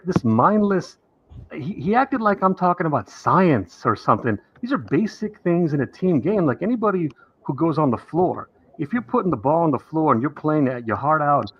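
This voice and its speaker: An aggrieved man argues on a live stream, lecturing and indignant. His pitch swings widely and his voice is a little husky. The audio is dull and lo-fi. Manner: aggrieved, lecturing, imitates others in higher voice. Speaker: caller on a streamed talk show. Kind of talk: heated debate on a live stream.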